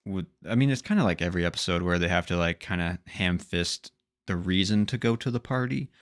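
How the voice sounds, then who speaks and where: A young man with a very low voice co-hosts a loose podcast chat about a TV episode. He rambles with plenty of filler words and slips into quoting the characters as he goes. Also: brisk. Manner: rambling, acts out characters' lines in quotes. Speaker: podcast co-host. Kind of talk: casual TV recap chat.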